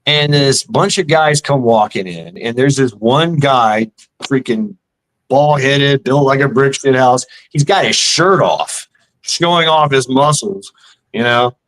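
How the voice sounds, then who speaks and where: Man, middle-aged, casual storytelling, rambling, profane, average pitch. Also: lively intonation, measured pace, fairly bright tone, rough recording. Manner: rambling, profane, acts out other people's lines.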